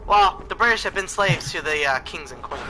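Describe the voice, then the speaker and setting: A young man co-hosting a casual podcast chat, excitable and rambling, full of fillers. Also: high voice, fairly quick, low-quality recording. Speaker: podcast co-host. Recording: faint background noise.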